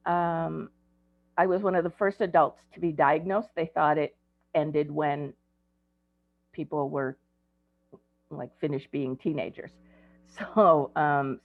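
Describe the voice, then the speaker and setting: Speaking to a group of parents, a woman in her sixties who works as an ADHD coach tells stories in a conversational way, peppered with ums. Her voice is low and gravelly, and the dry recording sounds tinny, like a phone.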